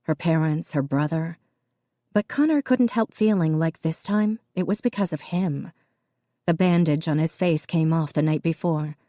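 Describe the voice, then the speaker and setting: A low-pitched woman reads an audiobook script evenly and with measure. The studio-quality recording has no echo.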